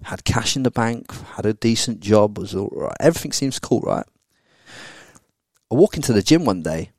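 A man's voice: lowish voice, very animated, moderate pace, a little mellow, no room sound, clean studio sound. A man, telling a candid personal story as a podcast guest, blunt and full of swearing. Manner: blunt and sweary, with frequent tag questions.

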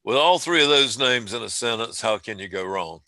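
A man's voice: mid-range voice, expressive, normal speed, bright, forceful tone, dry recording. A man hosting a casual chat show, rambling along with lots of fillers and restarts. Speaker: podcast host.

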